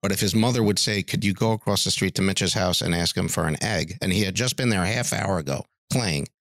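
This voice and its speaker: A man's voice: low-pitched, brisk, fairly bright tone, no echo, clean studio sound. A middle-aged man, a music teacher, telling stories in a podcast interview and acting out the voices of people he quotes.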